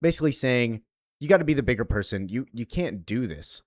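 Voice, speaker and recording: Male comic reviewer, animated and casual, with a dry recording. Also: mid-range voice, brisk, dry recording.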